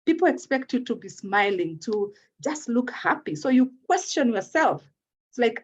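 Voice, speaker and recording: A woman's voice: high-pitched, big pitch swings, moderate pace. A woman speaking as a guest in an interview, explaining at length, often checking in with "okay?" and repeating words as she gathers her thoughts. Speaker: guest speaking on postpartum depression. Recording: dull lo-fi audio.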